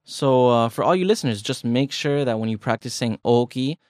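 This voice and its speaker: A man's voice: medium pitch, a little fast, a little mellow, no room sound. Laid-back man teaching language, dry mic. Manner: laid-back, chatty, joking. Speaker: language podcast co-host. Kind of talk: casual teaching chat.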